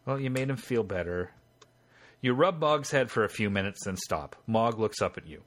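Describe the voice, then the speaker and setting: Lively bright-voiced man reading game text. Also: lowish voice, normal speed. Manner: reads game text aloud, then chats and jokes. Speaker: host and game narrator.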